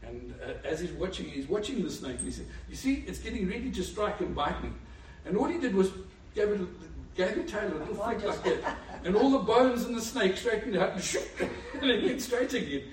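A high-pitched man delivers a sermon, retelling a story with animated energy and bursts of laughter. He sounds set back from the microphone in a roomy, echoing space with a faint hum of ambience behind him. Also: normal speed, few pauses. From Africa. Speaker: preacher. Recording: echoey room, far from mic.

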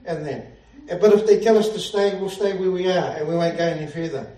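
Fervent New pastor preaching. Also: male voice, sits high, brisk, warm tone, far from the mic. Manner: fervent preaching, exclaims hallelujah, laughs at his own jokes. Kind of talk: sermon. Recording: echoey room, speaker away from mic.

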